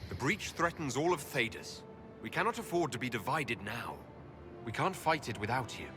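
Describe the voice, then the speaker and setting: An actor voicing an earnest, formal commander rallying allies in a video game. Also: male voice, mid-range voice, sing-song, normal speed, music in the background, close to an everyday voice.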